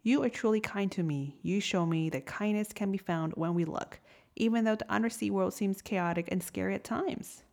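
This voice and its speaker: A woman voicing a tiny, gentle male shrimp in a storybook tale, polite, timid and sweet. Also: medium pitch, moderate pace, vocal fry, lightly acted. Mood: earnest.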